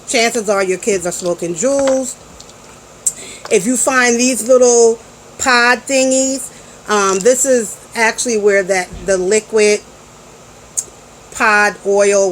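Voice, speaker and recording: A woman's voice: medium pitch, a little hiss or hum, poor audio. A woman in her forties, a parent vlogger casually telling a story to camera in a chatty, slangy way with frequent restarts.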